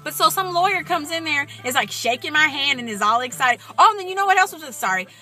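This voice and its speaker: A young woman talking straight to her viewers in an excited, rambling casual vlog, with plenty of asides to the audience. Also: high-pitched, quick pace, soft background music. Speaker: vlogger.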